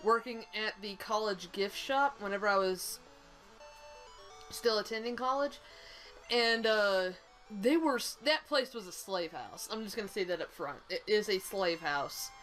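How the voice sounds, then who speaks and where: A woman's voice: medium pitch, unhurried, a bit bright, soft background music, rough recording. A young woman with a Southern US accent, co-hosting a game stream, telling a story in a rambling, blunt way and swearing freely. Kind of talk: casual storytelling chat.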